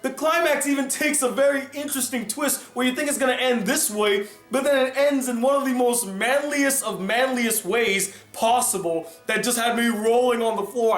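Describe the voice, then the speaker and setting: A man hosting a film review channel, talking in an animated, emphatic way. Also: very high-pitched. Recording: roomy echo with faint music.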